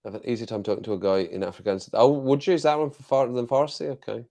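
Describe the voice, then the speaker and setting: An English man hosting a casual livestream chat, talking quickly, joking and reading out viewers' comments. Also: medium pitch, steady tone, creaky, warm tone. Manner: fast-talking, joking, laughs often. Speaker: livestream host.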